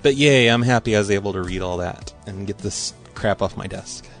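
A man's voice: on the low side, fairly quick, soft background music. A man hosting a podcast, chatting casually and rambling as he reads listener mail aloud in a hurry. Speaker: podcast host. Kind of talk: casual monologue.

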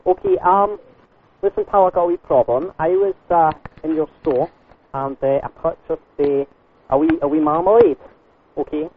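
A man's voice: on the high side, very animated, normal speed, vocal fry, exaggerated voice. A man voicing a bumbling male caller with a put-on Scottish accent, rambling and stammering over a marmalade complaint. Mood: complaining. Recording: tinny phone line.

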